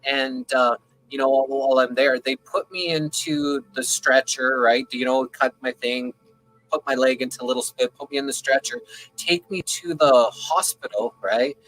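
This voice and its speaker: Bright-voiced man telling a rambling story. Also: mid-range voice, normal speed, faint music behind, poor audio. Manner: rambling, animated, keeps checking in with the listener. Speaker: open panel participant. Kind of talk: casual storytelling. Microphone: video call.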